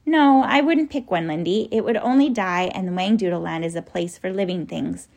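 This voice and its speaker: A woman voicing a kindly, eccentric old male professor who coaxes and explains gently in a storybook reading, with a gravelly edge. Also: fairly low pitch, moderate pace, dull audio. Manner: gentle, coaxing, excitable.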